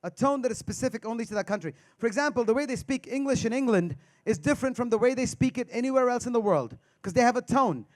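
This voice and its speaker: A man performs stand-up on a live stage, his voice sitting notably high. He bounces between observational bits and playful crowd-work banter. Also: expressive, fast talker, hardly any pauses. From India. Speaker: stand-up comedian. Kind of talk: stand-up comedy.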